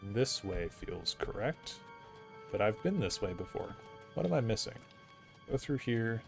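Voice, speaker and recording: Guy streaming a game, low voice, rambly casual chatter, faint music under it. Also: sing-song, a little slow, vocal fry. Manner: rambling, chatty, with fillers and asides. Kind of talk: casual gaming commentary.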